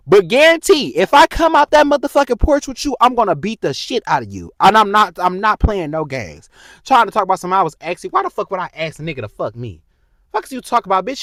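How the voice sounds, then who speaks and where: Young man, 20s, heated profane rant, high animated voice, dry close sound. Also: dry recording. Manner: heated, profane, talks straight to the viewer. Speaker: vlogger. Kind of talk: casual storytime rant.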